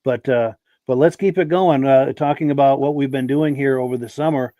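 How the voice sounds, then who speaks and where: Gravelly guy hosting a podcast, bit of a cough, mid pitch, dry close sound. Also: fairly quick, mellow, no room sound. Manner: friendly, talks straight to viewers. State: lingering cough. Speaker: podcast host. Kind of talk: live podcast chat.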